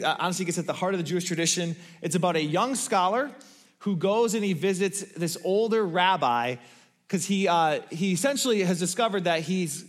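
A man giving a sermon, telling a story in a conversational way with many fillers. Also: sits high. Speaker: pastor.

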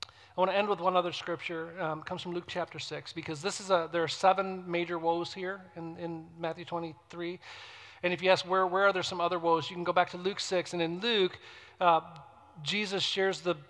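A man preaching a sermon as a pastor. He is emphatic, swings between loud declaiming and soft asides, and often asks the congregation questions. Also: high-pitched, level tone, fairly quick.

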